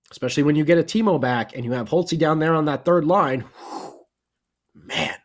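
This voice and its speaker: Excitable man co-hosting a sports podcast. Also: mid-range voice. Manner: excitable and rambling, with many fillers and restarts. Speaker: podcast co-host. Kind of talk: casual sports podcast chat.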